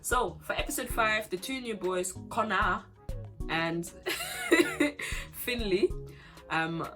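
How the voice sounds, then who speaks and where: A young woman vlogger goes through a reality show in casual commentary, sassy and animated as she calls people out directly. Her voice sits mid-range, she speaks slowly, and soft music plays faintly behind her.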